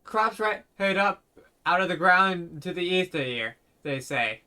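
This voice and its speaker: A man reading out a young village boy in a fantasy game, speaking in a quiet, halting, folksy rural dialect. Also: sits high, expressive, heavily acted. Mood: pleading.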